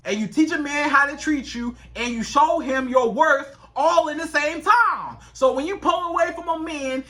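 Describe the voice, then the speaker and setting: A woman relationship coach giving direct advice to women, animated and acting out quoted exchanges. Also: high-pitched.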